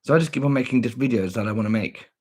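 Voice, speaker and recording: A man's voice: mid-range voice, racing. A man chatting casually on a livestream, playful and boastful, with teasing sing-song asides. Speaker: livestream vlogger.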